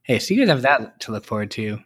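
A man's voice: medium pitch, very animated, fast, fairly bright tone, husky. Dry-joking young man co-hosting a podcast. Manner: dry, joking delivery with many fillers. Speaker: podcast co-host. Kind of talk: casual chat.

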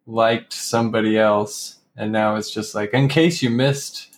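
A young man co-hosting a laid-back comedy podcast who breaks into laughter often between jokes. He speaks at an unhurried, drawn-out pace. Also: lowish voice, fairly even intonation. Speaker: podcast co-host. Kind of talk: casual chat.

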